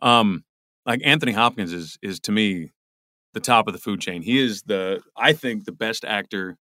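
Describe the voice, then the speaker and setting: A middle-aged voice actor, being interviewed, talks casually and rambles, with many restarts and repeated words. His voice is on the low side with a sharp tone, at normal speed. The recording is studio quality with no room sound.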